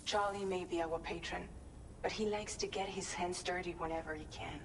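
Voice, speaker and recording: A woman's voice: on the low side, moderate pace, a little hiss or hum, close to an everyday voice, rough recording. A woman voicing a composed game leader. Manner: steady, authoritative. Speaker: game character, leader giving orders.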